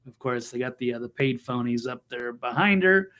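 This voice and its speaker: A man's voice: mid-range voice, lively intonation, moderate pace, bright, forceful tone. A man hosting a political talk show, commenting in a blunt, mocking way with lots of restarts and fillers. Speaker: show host.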